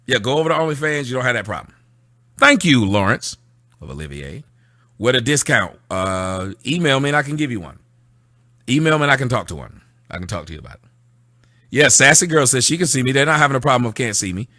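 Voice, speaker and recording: A man's voice: medium pitch, big pitch swings, fast, pushed and bright, no room sound, studio quality. A man hosting a casual livestream, reading viewer comments aloud and answering them in a sarcastic, mocking way. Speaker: livestream host. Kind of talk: casual livestream rant to chat.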